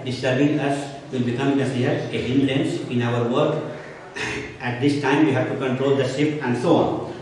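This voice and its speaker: A man teaching a literature class, explaining each line slowly and repeating himself as he paraphrases. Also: mid-range voice, a little mellow. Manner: repeats and paraphrases constantly, filler phrase after nearly every clause. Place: school classroom. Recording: echoey room, mic far off, faint noise.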